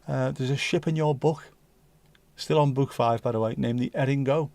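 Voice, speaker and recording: A man's voice: mid-range voice, fairly even intonation, normal speed, gravelly, darkish tone, no echo. A man hosting a casual livestream, reading out viewer comments with jokey banter and slipping into bits of Dutch and Spanish. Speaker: livestream host.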